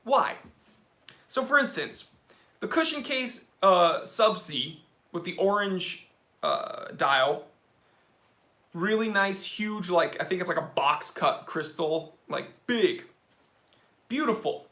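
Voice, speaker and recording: A man hosting a casual live stream about watches, opinionated and animated, answering viewer questions. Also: high voice, slow, pauses often, roomy sound.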